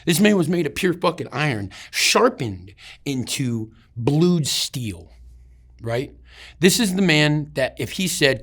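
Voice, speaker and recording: A man's voice: fairly high pitch, sing-song, a little slow, a bit bright, breathy edge. Profane rambling veteran man. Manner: profane, rambling, many restarts. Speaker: interview subject, army veteran. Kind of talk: casual storytelling.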